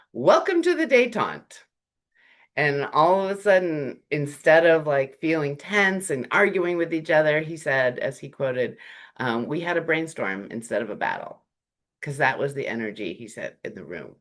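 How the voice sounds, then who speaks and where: A workshop presenter speaking in a relaxed, conversational way, with frequent fillers and lively shifts in tone. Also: medium pitch. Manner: animated, acts out short quoted greetings; chatty, with frequent "um" and "like".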